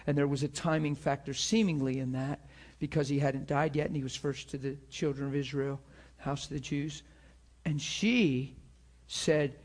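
A man preaching with fervor, his voice sitting a little high for a man. He acts out scripture scenes in voices and laughs often, sometimes close to tears. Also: fairly even intonation, moderate pace. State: near tears at times. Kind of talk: sermon.

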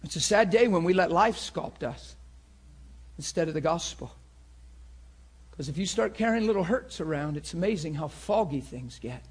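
Male preacher, high husky voice, impassioned sermon delivery. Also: expressive, moderate pace, pauses often. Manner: passionate preaching that swings from shouting to hushed.

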